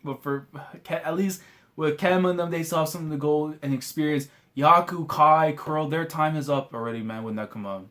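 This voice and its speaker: A man's voice: a little high, a little fast, fairly bright tone. A young man hosting a live manga reaction, talking emotionally and casually, often pleading and repeating "man" and "bro".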